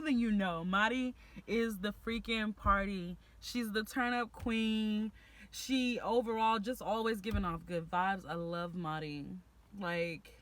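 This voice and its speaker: A woman's voice: mid-range voice, fairly bright tone. A young woman from Texas with a Houston accent, chatting casually and animatedly to camera about her friends, full of slang. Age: young adult. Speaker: vlogger.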